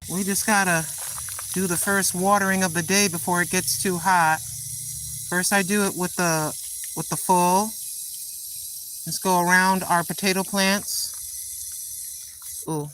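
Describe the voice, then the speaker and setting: A woman's voice: fairly low pitch, a bit bright, a little hiss or hum. An older woman chatting casually to viewers while watering her garden outdoors, filming on a handheld phone. She sounds tired and refers to herself as Granny. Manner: chatty, self-talking, calls herself Granny. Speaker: vlogger. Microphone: handheld phone camera.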